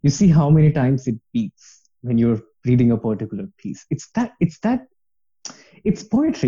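Mellow husky man, lo-fi podcast audio. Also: mid-range voice, very animated, normal speed. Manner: earnest, passionate, rambling with many fillers. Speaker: poetry podcast guest. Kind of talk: casual podcast conversation.

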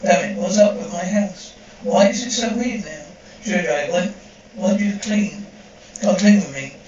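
A man's voice: high-pitched, measured pace, a little mellow. A man reading a dubbed horror scene aloud, speaking the sound cues between the lines. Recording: distant, echoey, dull and slightly noisy.

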